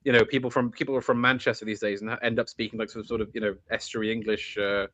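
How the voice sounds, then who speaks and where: A man's voice: lowish voice, little pitch movement, quick pace, fairly bright tone, dry recording, muffled recording. A man hosting a podcast, chatting casually with a rambling, restart-filled delivery. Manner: rambling, many restarts and asides. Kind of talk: casual chat.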